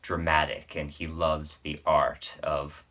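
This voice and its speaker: Low, flat-voiced man reviewing films. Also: slow. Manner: rambling, with offhand asides and self-corrections. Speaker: horror film reviewer. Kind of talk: casual spoken movie review.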